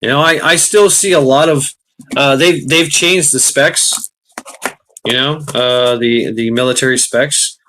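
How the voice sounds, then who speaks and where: A man's voice: mid-range voice, steady tone, unhurried, pushed and bright, a little hiss or hum. Brash streamer, mid-range male voice, blunt profane rant to his chat, frequent laughs. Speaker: livestream host. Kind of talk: casual ranting commentary to live chat. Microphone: computer mic on a live stream.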